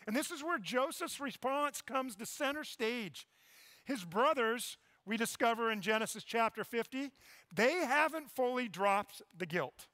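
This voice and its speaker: A man preaching a sermon with passion, dropping to soft, quiet tones for emphasis. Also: very high-pitched, expressive, a little slow, no echo. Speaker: pastor.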